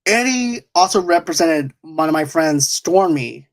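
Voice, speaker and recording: A man's voice: a little high, lively intonation, a little slow. A man hosting a podcast in casual chat, rambling and restarting his sentences with frequent chuckles. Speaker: podcast host.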